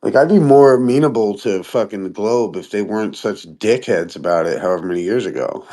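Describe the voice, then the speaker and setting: A man chatting casually on a podcast, swearing often and jumping into high-pitched impressions of other people. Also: a little fast. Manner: profane, animated, mimics people in high voices. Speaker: podcast host. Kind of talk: casual chat.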